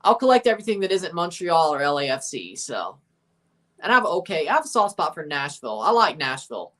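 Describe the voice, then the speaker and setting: Brisk and forceful, his fairly high, bright voice swings widely in pitch. He's a Mississippi man with a Southern accent hosting a casual livestream watchalong, reading chat, answering messages and rambling on with plenty of opinions.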